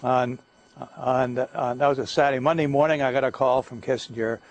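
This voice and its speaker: An older man giving a guest lecture, telling stories in a halting way, with many fillers and restarts. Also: mid-range voice, fairly even intonation, highs cut off. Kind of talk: anecdotal lecture talk. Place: lecture hall.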